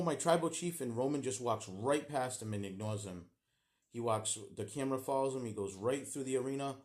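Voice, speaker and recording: A man giving a casual, animated play-by-play recap of a wrestling show, with plenty of fillers. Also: medium pitch.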